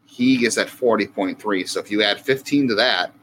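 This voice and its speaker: Low voice guy cohosting, thinks out loud, lots of um, faint hum in the background. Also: normal speed, rough recording. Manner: thinking aloud, many fillers. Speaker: podcast co-host. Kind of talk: casual sports talk.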